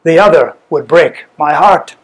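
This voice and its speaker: A man voicing a starving, dying old wife who pleads in a strained, high-pitched voice. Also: measured pace, lightly acted, rough recording. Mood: tender pleading.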